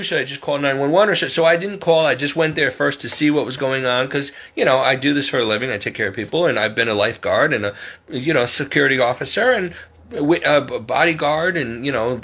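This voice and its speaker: A man's voice: a little high, pushed and bright, slightly rough. A middle-aged man telling a story in a casual vlog, rambling and exasperated, repeating himself as he goes. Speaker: vlogger.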